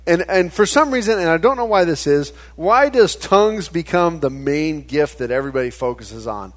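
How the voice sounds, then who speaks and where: Male pastor, 30s, lightly high voice, animated conversational sermon. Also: moderate pace. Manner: conversational, animated preaching with stammered restarts.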